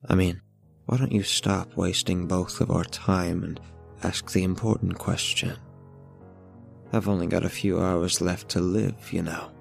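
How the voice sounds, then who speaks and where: A calm serial killer speaks low and knowing, his voice deep and heavily gravelly, as a storyteller puts him on. The words come quiet and half-whispered in a scripted horror story reading, with faint music underneath. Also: unhurried, heavily acted. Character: calm, candid male serial killer on death row.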